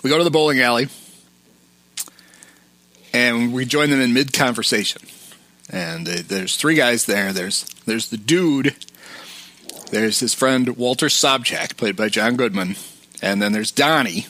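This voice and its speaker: A man's voice: medium pitch, expressive, unhurried, long pauses, bright, forceful tone, no room sound. A man hosting a podcast, casually retelling film scenes and quoting lines. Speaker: podcast host.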